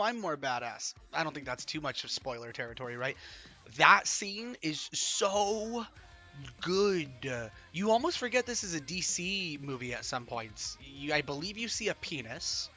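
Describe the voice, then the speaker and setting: Excitable rambling man reviewing a film. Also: fairly high pitch. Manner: excitable and rambling, with frequent ums and repeated phrases. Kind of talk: casual livestream movie review.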